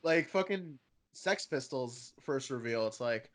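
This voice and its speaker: A man co-hosting a casual fan podcast, animated and profane, often laughing and putting on voices. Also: mid-range voice, measured pace. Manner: animated, swearing, laughing, mimicking characters. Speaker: podcast co-host.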